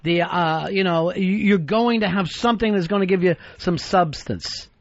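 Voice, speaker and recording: A man's voice: high voice, normal speed. A man hosting a talk radio show, chatting and bantering with callers in an easygoing way. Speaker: radio host. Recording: dull lo-fi radio audio.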